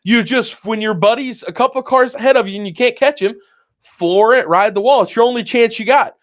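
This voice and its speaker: A man's voice: very high voice, brisk, fairly bright tone. A man in his twenties co-hosting a podcast, chatting casually and acting out his own past reactions as he tells a story. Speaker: podcast co-host. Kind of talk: casual chat.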